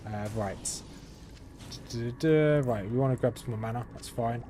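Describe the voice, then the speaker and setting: A man's voice: mid-range voice, moderate pace. Chatty young man streaming a game. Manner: chatty, thinking aloud with frequent ums and restarts. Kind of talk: live gameplay commentary. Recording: steady background noise.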